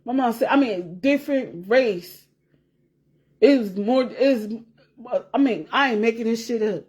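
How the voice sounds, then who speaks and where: A woman's voice: fairly high pitch, a little slow, darkish tone, slightly rough. A woman vlogger chatting casually to her viewers, rambling and repeating herself, swearing freely and laughing as she talks. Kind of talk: casual chat to camera.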